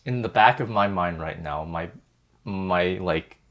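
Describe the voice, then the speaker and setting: A man's voice: deep voice, unhurried, a bit bright. A young man co-hosting a podcast, talking casually and rambling with many fillers and restarts. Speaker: podcast co-host. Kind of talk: casual group chat.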